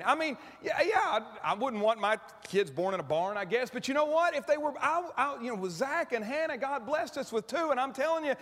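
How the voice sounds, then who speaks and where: A man's voice: very high voice, expressive, fairly quick, few pauses, fairly bright tone. A middle-aged man preaching a sermon as pastor, conversational and emotional, often restarting his sentences. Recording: church hall with long reverb.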